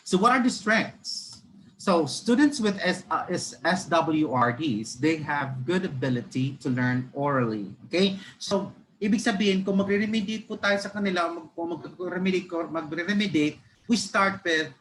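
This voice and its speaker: A man's voice: a little high, moderate pace, a bit bright, slight background noise, poor audio. A man with a Filipino accent giving an online training lecture for teachers, mixing Tagalog and English, often restarting words and checking in with his listeners. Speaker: webinar speaker on reading instruction.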